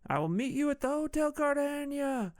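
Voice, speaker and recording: Flustered male hero, squeaky and exaggerated, pushed way up high, voiced by a man mocking a movie. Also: expressive, brisk, a little mellow, no echo, clean studio sound.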